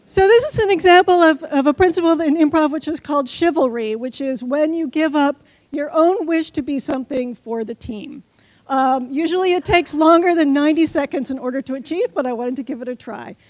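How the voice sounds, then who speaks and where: A woman's voice: high voice, brisk, darkish tone, no echo. A woman giving a short conference talk who leads the audience in an improv exercise, coaxing the crowd playfully. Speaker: conference speaker. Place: conference hall stage.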